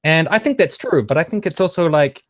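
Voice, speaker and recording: A man who is a guest in a casual chat, making measured points and often qualifying what he says. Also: a little high, expressive.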